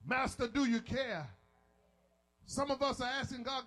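High, bright-voiced preacher man. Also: unhurried, pauses often, soft background music, low-quality recording. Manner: call-and-response preaching, shouting and half-singing at peaks; colloquial, folksy storytelling. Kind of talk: sermon.

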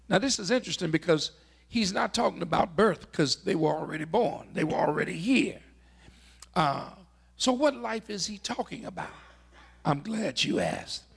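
A man preaching a sermon emphatically. He shouts key words, slows down to stress points, and sometimes drops almost to a whisper. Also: high voice, vocal fry, slightly rough. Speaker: pastor.

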